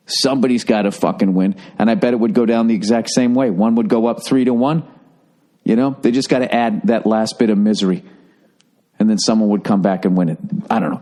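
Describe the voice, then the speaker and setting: Profane rambling man on a podcast. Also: on the low side. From United States. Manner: profane, rambling, animated storytelling. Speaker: podcast host. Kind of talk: casual solo podcast rant.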